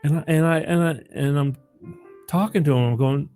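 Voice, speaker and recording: A man's voice: on the high side, animated, brisk, dark tone, soft background music. Chatty man hosting a call-in show. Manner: rambling, chatty, laughs often, repeats phone number. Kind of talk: casual call-in radio chat.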